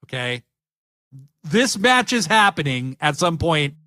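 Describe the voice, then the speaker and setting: A man's voice: fairly high pitch, very animated, slow pace, sharp tone. A man co-hosting a casual podcast, animatedly retelling wrestling segments and acting out the lines. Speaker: podcast co-host. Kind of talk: casual wrestling recap chat.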